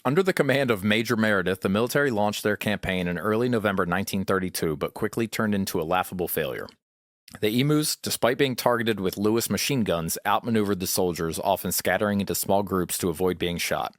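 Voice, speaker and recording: A man co-hosting a casual podcast, reading a history passage in an even, measured way between bursts of banter. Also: lowish voice, dry recording, clean studio sound. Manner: reads script in even measured delivery. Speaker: podcast co-host.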